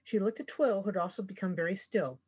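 A woman author reading her own fantasy story aloud, expressive as a storyteller. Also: medium pitch, fast, slightly rough. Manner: expressive storyteller voicing characters.

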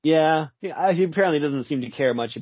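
A man's voice: a little high, fairly quick, breathy edge, no room sound, dull audio. A man co-hosting a casual podcast, adding wry comments about a comic and laughing often. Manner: wry, laughs often, short agreeing replies. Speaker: podcast co-host. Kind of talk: casual comic book discussion.

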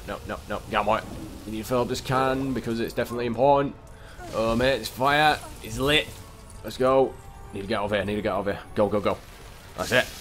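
Young man, gameplay commentary, lowish voice, excitable rambling, faint game music behind. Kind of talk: casual let's-play commentary.

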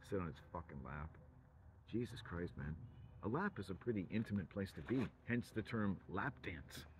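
A man's voice: deep voice, animated, moderate pace, slight background noise, poor audio. A man from England, rambling through a profane, provocative monologue full of wordplay.

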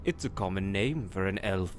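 An actor voicing a short, smiling male elf servant who is quietly sinister and speaks in a formal, polite way in a video game. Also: low-pitched, lively intonation, normal speed, slight background noise. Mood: calm.

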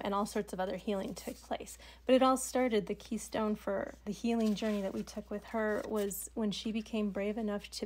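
A middle-aged woman teaching an art project at a table in her home studio, telling a story slowly and softly and dropping to a whisper now and then. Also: mid-range voice. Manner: soft, slow storytelling with whispered asides. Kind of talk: art tutorial narration.

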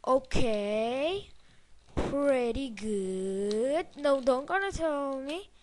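A young woman narrating her own gameplay in a high voice, drawling her words slowly. She gets excitable and swears freely, egging on her character and cursing at the game. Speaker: gameplay commentator. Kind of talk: casual let's-play commentary.

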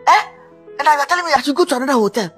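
A woman's voice: sits high, lively intonation, racing, faint music behind. A woman playing a heartbroken, dramatic male musician in a comedy skit, wailing and repeating herself. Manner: wailing, melodramatic, repeats himself. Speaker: comic actor.

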